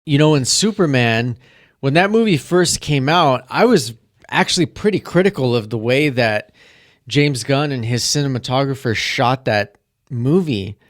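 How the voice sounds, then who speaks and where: A young man co-hosting a podcast, giving an emphatic, deliberate film critique in casual chat. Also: medium pitch, animated, no room sound, studio quality. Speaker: podcast co-host.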